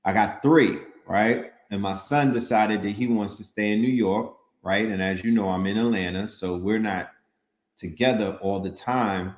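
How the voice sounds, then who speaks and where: A man's voice: on the low side, moderate pace. Laid-back slangy male host. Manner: slangy, loose, talks straight to the audience. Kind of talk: casual livestream chat. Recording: roomy echo.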